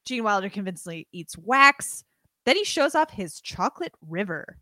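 A woman's voice: mid-range voice, very animated, normal speed, pushed and bright, no room sound, clean studio sound. A young adult woman co-hosting a podcast in a casual, joking chat, swearing freely. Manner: playful, swears, jokey. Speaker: podcast co-host.

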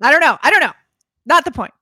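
Woman podcast co-host, lively higher voice, dry close sound, casual film chat. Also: fast, no echo. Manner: animated, acts out scenes in voices. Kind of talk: casual movie discussion.

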